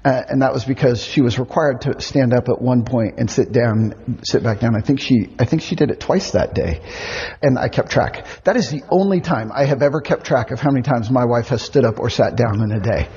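Husky middle-aged man preaching to campers. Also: medium pitch, brisk. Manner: animated storytelling, acts out kids' voices. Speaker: camp speaker. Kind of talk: youth camp sermon. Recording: muffled sound with long hall reverb.

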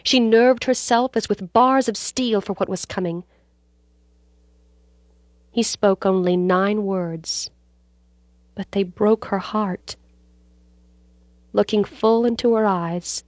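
A woman narrating a story aloud in a measured, dramatic reading style. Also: mid-range voice, darkish tone, dry recording.

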